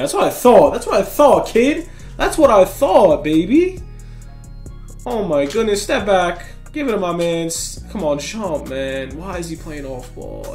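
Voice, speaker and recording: A young man talks over his video game as he plays, excitable and often frustrated, tossing out slang. His voice sits a bit high for a man, and faint music plays behind him. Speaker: gaming YouTuber. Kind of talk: live gameplay commentary.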